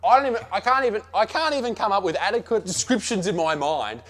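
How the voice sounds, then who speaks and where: A man's voice: high voice, animated, fast, fairly bright tone. An Australian man delivering a comedic rant about his travels, brash and sarcastic, swearing freely. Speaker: comedian reviewing America. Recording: played from another video.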